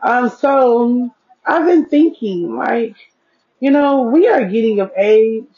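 A woman with a fairly high voice talks slowly and easily to her listeners, sprinkling her talk with "y'all" and "okay?". Her sound is dull and lo-fi, picked up by a mic at her ear. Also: expressive. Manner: chatty, folksy, leans on "okay?" and "y'all". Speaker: podcast host. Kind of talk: casual solo podcast chat. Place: seated at home with devices. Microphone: earpiece mic.

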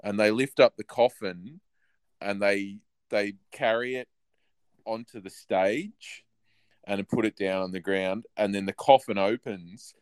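A man's voice: on the low side, unhurried, smooth, no room sound. An Australian man, a podcast guest, telling stories in loose casual chat, swearing freely and laughing as he goes.

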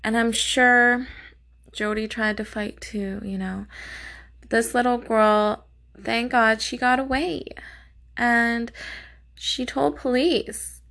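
A woman narrates a true crime case in a loose, conversational way. Her voice sits a little high, with a bright, sharp edge. She sounds indignant and curses freely. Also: fairly even intonation, slow, creaky, long pauses. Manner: indignant, profane, blunt.

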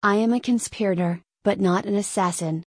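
A woman voicing an obstinate, rough-spoken nobleman who talks bluntly, in a storybook reading. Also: mid-range voice, fairly quick, a little mellow, dry recording. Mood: indignant. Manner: blunt, thundering.

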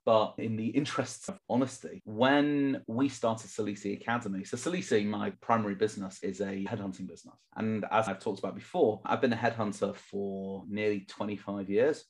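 A middle-aged man with an English accent, hosting an interview podcast in a chatty, self-deprecating way. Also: lowish voice. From England. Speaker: podcast host. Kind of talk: casual interview chat.

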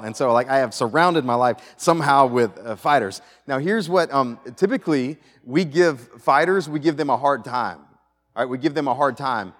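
A male pastor preaching a sermon to a congregation, animated, moving between loud emphasis and quiet asides and often restarting his phrases. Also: medium pitch. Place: church sanctuary with audience. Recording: reverberant church hall.

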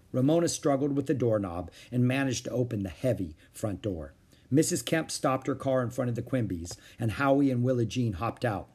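A man reading a children's book aloud in an expressive storytelling manner. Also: medium pitch, moderate pace, slightly rough.

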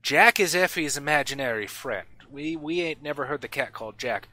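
A man voicing a rough-spoken, wary smith who talks in blunt, folksy, ungrammatical speech. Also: a little high, expressive, normal speed, pushed and bright, dry recording, voice pushed up. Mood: gruff, insistent.

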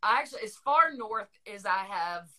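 A woman's voice: mid-range voice, animated, moderate pace, sharp tone. A middle-aged woman with a Southern US accent, hosting a podcast in a chatty, rambling casual conversation, laughing often. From Northern Virginia, USA. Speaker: podcast host. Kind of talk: casual chat.

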